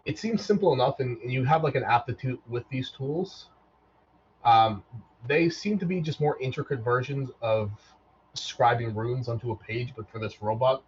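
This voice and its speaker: A man narrating as the game master of a tabletop game, relaxed and loose, often repeating words as he goes. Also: medium pitch, normal speed, slight background noise. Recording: dull lo-fi mic.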